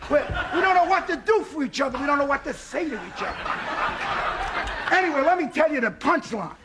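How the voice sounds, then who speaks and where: A man from Brooklyn with a very high, lively voice spins a comic anecdote as a talk show guest, acting out every part of the exchange himself. The television broadcast carries a clear layer of noise under him. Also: brisk, over a noisy crowd. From Brooklyn, New York. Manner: animated storyteller, voices both sides of dialogue.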